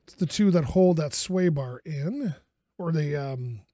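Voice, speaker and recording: A man talks through a game in a casual commentary voice, high and swinging widely in pitch. He mutters to himself and scolds the objects on screen, swinging between exasperation and soothing. The sound is dry and close. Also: animated, a little slow, warm tone, no room sound. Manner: mutters to himself, frustrated outbursts and self-soothing. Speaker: gaming YouTuber.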